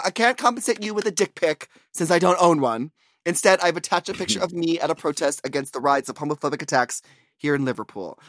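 A man's voice: fairly high pitch, a bit bright, dry recording, studio quality. A man co-hosting a podcast in casual, playful chat, swearing freely and reading listener emails aloud. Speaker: podcast co-host.

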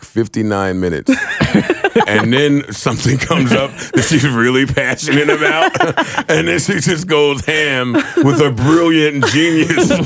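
A man's voice: medium pitch, vocal fry, dry recording. A young man co-hosting a podcast, teasing the others with crude jokes and laughing often. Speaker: podcast co-host. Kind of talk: casual roasting banter.

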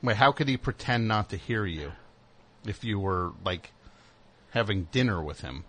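A man hosting a comedy call-in radio show, deadpan and probing, sometimes exasperated. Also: on the low side, moderate pace. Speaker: radio host.

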